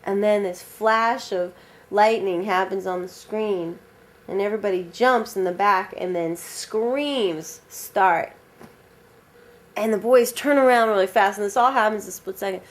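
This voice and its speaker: A woman telling an original vampire story aloud in a casual, animated, rambling way, with many fillers. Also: mid-range voice, a little slow.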